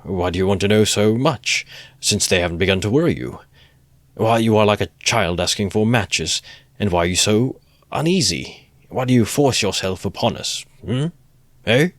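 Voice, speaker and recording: A man's voice: lowish voice, animated, normal speed, no echo, natural voice. A man voicing a sly, teasing investigator. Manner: teasing, good-humoured, needling questions. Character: sly, ironical middle-aged male investigator.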